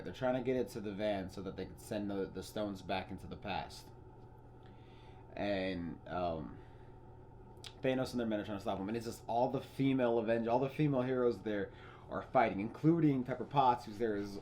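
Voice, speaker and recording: Young guy podcasting, low mellow voice, swears a lot, gets super hyped, bit of background hiss. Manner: excitable, swears freely, restarts often. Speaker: podcast host. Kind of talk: casual spoiler chat.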